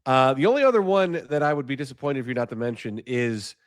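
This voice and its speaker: Guy co-hosting a podcast, middle pitch, asks lots of questions, dry mic. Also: very animated, fast, no room sound. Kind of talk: casual podcast chat.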